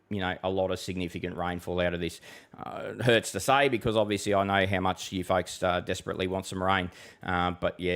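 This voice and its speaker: An Australian man hosting a live weather stream, reading out viewers' questions and answering in a blunt, casual way, calling people mate and bud. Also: sits low. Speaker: weather forecaster host.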